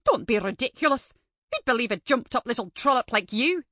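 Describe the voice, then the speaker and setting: A woman's voice: a little high, sing-song, fairly quick, pushed and bright, dry recording, studio quality. A woman doing a spiteful, scolding old teacher. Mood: threatening. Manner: stern, scolding and contemptuous. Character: spiteful, bullying older female school teacher.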